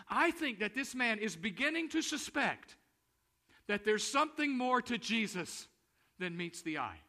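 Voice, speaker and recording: Bright, high-voiced preacher man. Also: very animated. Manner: preaching with emphatic repetition and dramatic slowdowns. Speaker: pastor. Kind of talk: sermon.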